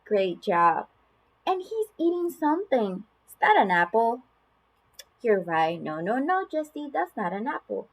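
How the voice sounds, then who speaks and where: A woman showing how to read a picture book aloud to a toddler, in an expressive sing-song way with gasps, then giving tips to parents. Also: a little high, measured pace, slightly rough, rough recording.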